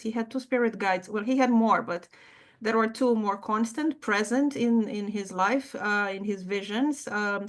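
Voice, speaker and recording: A woman with a somewhat high voice hosts a conversation, speaking thoughtfully and stopping to hunt for words. Her sentences circle back and restart as she builds her point. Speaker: host. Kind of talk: conversational interview.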